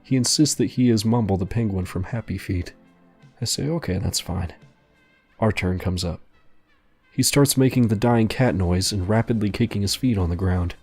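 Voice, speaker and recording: Low-ish dude reading out a story, dry deadpan, faint music behind. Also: male voice, normal speed, husky.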